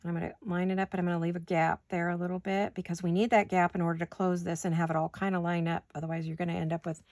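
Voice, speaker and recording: A middle-aged woman with a fairly low, darkish voice hosts a craft tutorial from her home studio, speaking very fast and flatly. She chats and mutters asides to herself as she works, all while she has the hiccups.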